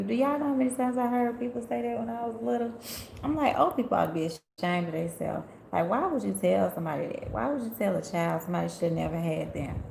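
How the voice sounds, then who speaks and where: Sassy woman with a gravelly voice. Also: mid-range voice, lively intonation, quick pace, darkish tone, slight background noise. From Memphis, USA. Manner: sassy, chatty storyteller who laughs often and talks straight to her viewers. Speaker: tarot reader and spiritual healer hosting a live stream. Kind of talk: casual live-stream chat, reading viewer comments. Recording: echoey room.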